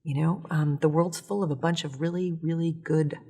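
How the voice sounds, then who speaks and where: A woman speaking as an author and guest in a casual interview, telling stories in a lively way with acted-out voices. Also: deep voice, moderate pace. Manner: animated storytelling with acted voices and laughs.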